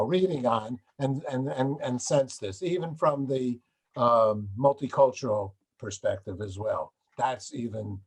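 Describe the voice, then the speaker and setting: Older male host with a husky voice. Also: mid-range voice. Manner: rambling, many restarts, laughs while talking. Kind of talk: casual interview talk.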